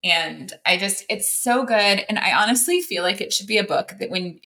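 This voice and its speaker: A woman's voice: medium pitch, expressive, normal speed, sharp tone. A woman co-hosting a podcast in casual, chatty talk, candid and jokey, with many fillers. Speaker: podcast co-host.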